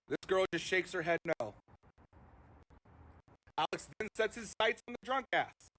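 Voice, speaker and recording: A middle-aged man casually telling a fast, profane story on a livestream, acting out the people in it. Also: sits high, a bit bright, poor audio. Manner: fast, profane, acts out quoted voices.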